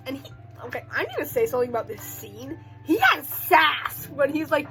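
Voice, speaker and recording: Brief: high, bright female voice, chatty rambling recap, lots of filler, quick joking asides. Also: sing-song, faint music behind, rough recording. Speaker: video creator recapping a film. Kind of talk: casual rambling film recap.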